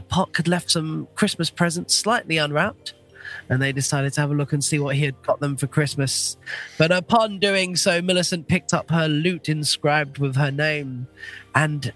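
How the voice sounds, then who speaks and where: A man's voice: fairly high pitch, a bit bright. A man with a cold, recapping a tabletop game as game master, with playful laughing asides. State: has a cold.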